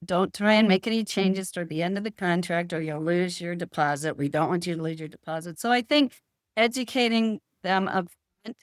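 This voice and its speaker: A middle-aged woman, a real estate professional, telling stories in a calm, assured way in a casual interview. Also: fairly low pitch, brisk, no room sound, studio quality. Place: California.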